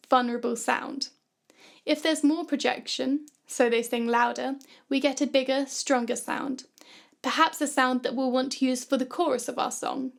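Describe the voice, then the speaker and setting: A woman narrating a scripted music production tutorial in a calm, clear, instructive way. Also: high-pitched.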